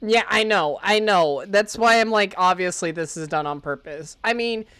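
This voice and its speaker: A woman commenting casually while playing a game on a live stream, chatty and quick to giggle. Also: mid-range voice, clean tone, no room sound. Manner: chatty, giggly, animated reactions.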